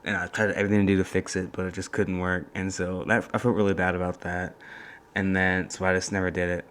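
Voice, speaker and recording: A young man hosting a casual solo podcast from a college dorm room, talking in a soft, hushed voice and rambling through stories. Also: low voice, little pitch movement, quick pace. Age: young adult. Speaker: podcast host.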